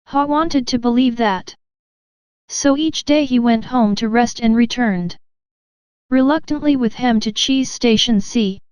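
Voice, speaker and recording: A woman narrates an audiobook in a steady, even reading. Her voice sits fairly high and is very clear and smooth. The recording is close and dry, with no room sound. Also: no room sound. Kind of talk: scripted narration.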